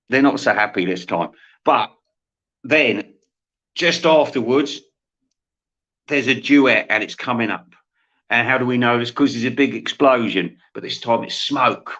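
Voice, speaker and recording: A man's voice: medium pitch, fairly bright tone. A man host rambling through a satirical comic monologue, laughing at his own jokes. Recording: dull lo-fi sound.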